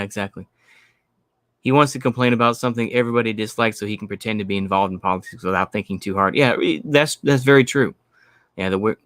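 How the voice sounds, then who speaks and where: A man's voice: fairly low pitch, a bit bright, no echo. Male stream host, blunt profane ranting, dry close mic. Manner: blunt, profane, repeating himself. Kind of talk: ranting commentary.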